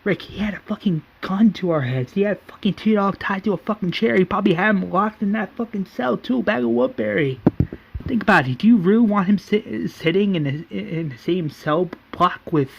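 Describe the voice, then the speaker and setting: A man's voice: sits high, moderate pace, gravelly, slightly rough, muffled recording, pitched above the performer's own voice, full character voice. A man voicing an upset young man who pleads and argues with his group. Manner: pleading, incredulous.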